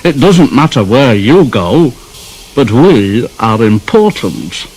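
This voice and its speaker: A man's voice: mid-range voice, sing-song, takes it slowly, darkish tone, husky, exaggerated voice, rough recording. A man voicing a pompous, condescending big steam engine. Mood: haughty. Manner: pompous, patronizing, drawn out.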